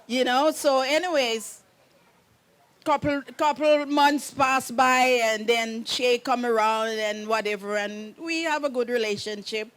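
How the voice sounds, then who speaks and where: A woman's voice: a little high, fairly even intonation, unhurried, a bit bright. A middle-aged woman, the groom's mother giving a wedding message, telling a meandering story, often saying "anyways" and laughing. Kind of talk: rambling personal storytelling.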